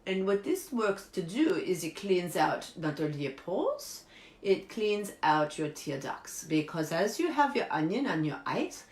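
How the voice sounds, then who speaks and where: A woman playing an eccentric woman who gives absurd beauty tips, talking earnestly and deadpan in broken English. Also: lowish voice, a little slow. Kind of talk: improvised comedy character monologue. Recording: echoey room.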